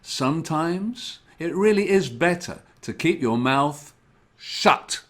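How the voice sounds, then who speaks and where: Expressive man telling kids' stories. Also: on the high side. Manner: slow, exaggerated, expressive storytelling. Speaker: children's storyteller. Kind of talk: storytelling for young children.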